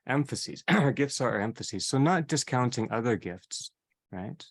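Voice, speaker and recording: A man leading a theology seminar in a reflective, unhurried way, often repeating and rephrasing his phrases as he teaches. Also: mid-range voice, expressive, slightly rough. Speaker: seminar leader.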